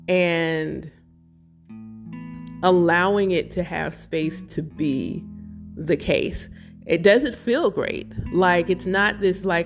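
A woman speaking slowly and emotionally about her spiritual life, close to tears at times. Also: on the low side, faint music behind. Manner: slow, emotional, searching, near tears. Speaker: spiritual vlogger. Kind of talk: reflective personal talk.

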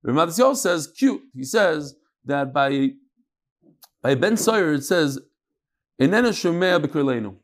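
A man teaching a lively Talmud class, joking with his students and mixing in Hebrew and Yiddish terms. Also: a little high, unhurried.

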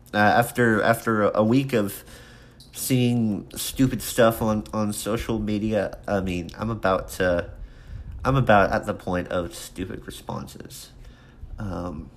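Young male solo podcaster, slightly low voice, halting and rambling, lots of restarts. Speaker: podcast host. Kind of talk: casual solo podcast monologue.

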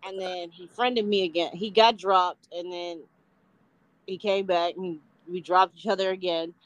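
A woman's voice: on the low side, fairly even intonation, unhurried, dry recording, rough recording. A woman co-hosting a podcast, talking in a blunt, profane, emphatic way during a casual chat. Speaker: podcast co-host.

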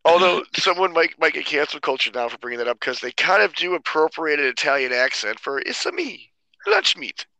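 Very bright-toned man with wry jokes. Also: a little high, fast, few pauses, no echo, rough recording. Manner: wry, deadpan jokes, stumbles and restarts. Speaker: podcast co-host. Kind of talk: casual podcast banter.

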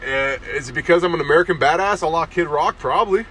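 A young man rants through a comedy podcast monologue, swearing freely and tacking "dude" onto his lines. His voice sits a bit high for a man. It is recorded on a phone held close to his face outdoors, with faint street sounds behind him. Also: quick pace, a bit bright, a little hiss or hum. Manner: crude, swearing, says "dude" constantly. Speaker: podcast host. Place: outdoors in a town, near parked cars.

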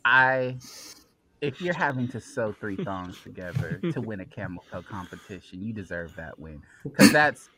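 A man, a podcast guest, trading casual banter with loud, animated exclamations. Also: on the low side, moderate pace.

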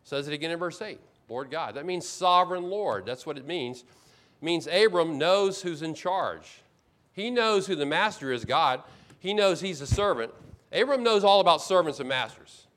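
A man's voice: fairly high pitch, expressive, normal speed, fairly bright tone. A man preaching a sermon as pastor, explaining scripture with emphatic repetition and acting out complaints in first person.

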